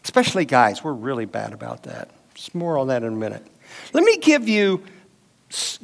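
A middle-aged man teaches a marriage class with audience questions in an easy, conversational way. His voice sits slightly high for a man and a bit bright, and he uses personal anecdotes and quoted back-and-forth from everyday life to make his points.

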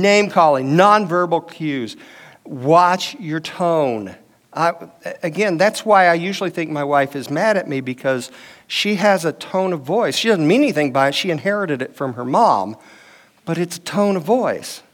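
A man's voice: on the high side, expressive, unhurried, a bit bright. A middle-aged man teaching a marriage class in a casual, conversational way, telling stories from home. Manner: conversational, uses personal anecdotes and quoted dialogue. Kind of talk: teaching session with audience questions.

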